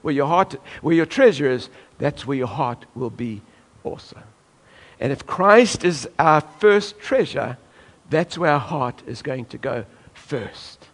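A man's voice: mid-range voice, lively intonation, measured pace, fairly bright tone. A man from South Africa preaching a sermon emphatically, now and then acting out voices from the congregation. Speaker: pastor.

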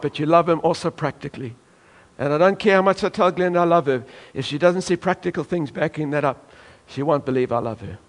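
A man from South Africa preaching a sermon emphatically, now and then acting out voices from the congregation. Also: fairly high pitch. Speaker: pastor.

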